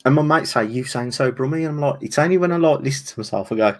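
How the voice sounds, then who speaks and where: A man with a Birmingham accent, hosting a casual live stream chat, animated and repeating his words. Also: fairly high pitch, rapid-fire. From Birmingham, England. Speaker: channel host.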